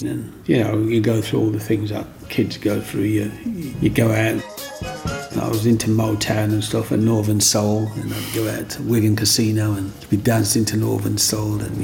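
A man, telling rambling, animated stories from his childhood in an interview and acting out other people's voices. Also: on the low side, vocal fry. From Black Country, England. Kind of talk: storytelling interview.

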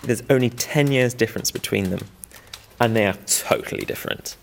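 A man's voice: mid-range voice, fairly quick, creaky, a little hiss or hum. A man who weaves and restores old looms, talking in a documentary interview in a rambling, self-deprecating way with small chuckles.

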